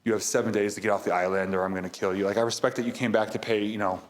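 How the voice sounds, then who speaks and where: A man voicing a menacing male crime boss who issues clipped threats in a lowered voice. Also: fairly even intonation, very fast, natural voice. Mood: threatening.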